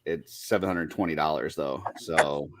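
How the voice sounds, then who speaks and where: A man's voice: rumbling low, normal speed. A man hosting a podcast, chatting casually in a rambling way with many fillers. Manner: laid-back, rambling with fillers. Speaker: podcast host. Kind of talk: casual chat.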